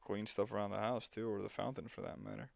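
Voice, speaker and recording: A man's voice: on the low side, steady tone, fast talker, vocal fry, no room sound. A young man casually commenting while playing a game, chatty and rambling with lots of fillers. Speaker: gameplay commentator.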